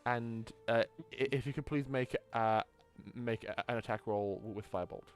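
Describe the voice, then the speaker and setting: A man, stammering through quick restarts as game master of an online tabletop game. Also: medium pitch, fairly even intonation, soft background music.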